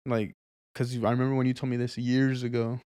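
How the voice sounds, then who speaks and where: A young man co-hosting a podcast in casual chat, relaxed and affirming, moving into short faith-talk asides. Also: mid-range voice, quick pace, smooth, dry recording. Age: young adult. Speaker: podcast co-host.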